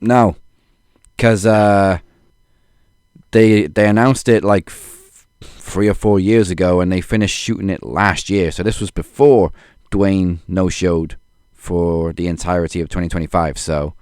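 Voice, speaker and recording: A man's voice: low-pitched, fairly even intonation, a little slow, a little mellow, smooth, no echo. A man co-hosting a podcast in casual chat, handing out points with dry sarcasm. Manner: dry, sarcastic scoring of wrestlers. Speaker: podcast co-host.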